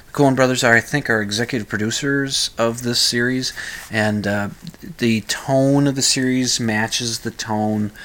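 Middle-aged man with a Minnesota accent, radio talk host, mid-pitched, rambling and casual. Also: a bit bright. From Minnesota, USA. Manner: rambling, many fillers and restarts.

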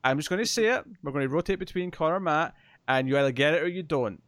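A man's voice: on the high side, fast, fairly bright tone, no room sound. A man hosting a casual trivia game on a podcast, teasing the players and laughing often. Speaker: quiz host.

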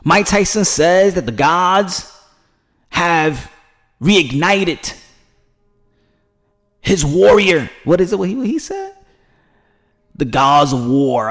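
A man giving passionate, preachy commentary in a vlog, swinging from hushed to loud and emphatic. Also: on the high side. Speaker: commentary vlogger.

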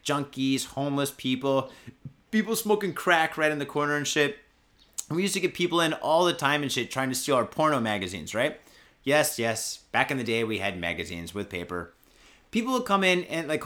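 A man hosting a podcast, telling a story in a loose, profane way, swearing constantly and shouting out quoted lines. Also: medium pitch. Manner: profane, peppers speech with "and shit" and "fucking". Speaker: podcast host.

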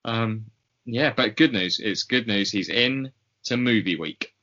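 Man, podcast co-host, chatty and hesitant, bright sharp tone, dull lo-fi recording. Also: on the low side, unhurried. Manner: chatty and hesitant, with many ums and frequent laughs. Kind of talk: casual chat. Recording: slightly dull lo-fi sound.

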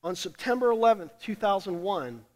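A man preaching a sermon to a congregation, swinging from hushed murmurs to loud emphatic declarations and repeating key lines for emphasis. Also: high-pitched, expressive, normal speed. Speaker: pastor. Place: church sanctuary during a service. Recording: long hall reverb of a church.

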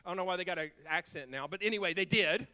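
Bright, high-voiced male pastor preaching. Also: fast talker. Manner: emphatic preaching with repeated refrains, swinging between loud bursts and soft lines. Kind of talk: sermon.

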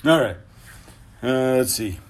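A man's voice: medium pitch, expressive, slow. A man co-hosting a casual podcast, answering trivia with sarcastic jokes and frequent swearing. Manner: sarcastic, swears freely, joking. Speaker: podcast co-host answering quiz. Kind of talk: casual chat.

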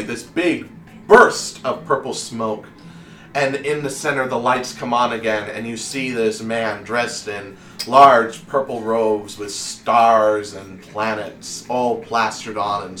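A man running a tabletop game, narrating slowly with plenty of fillers. His voice is bright and a touch sharp. The recording is roomy and picked up from a distance, with faint noise behind it. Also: lowish voice, fairly even intonation. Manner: unhurried, full of fillers. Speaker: game master. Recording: echoey room, distant mic, faint noise.

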